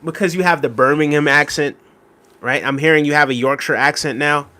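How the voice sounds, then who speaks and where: A man's voice: fairly high pitch, brisk, pushed and bright. A young man hosting a live stream, chatting casually and rambling as he reads and answers viewer comments. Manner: rambling and conversational, many fillers, reacting to chat. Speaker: livestream host.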